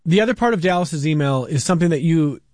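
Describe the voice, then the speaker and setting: A man with a fairly high voice hosts a call-in radio show and reads listener emails aloud to his guest. He asks his questions in an easy, conversational way. The sound is dry and close to the mic. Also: animated, fast talker, a little mellow, no echo. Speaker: radio talk show host.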